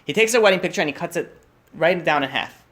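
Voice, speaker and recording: Animated and a little bright, a young man's somewhat high voice rushes through a story at a holiday meal. He stumbles over his words, restarts again and again and leans heavily on fillers.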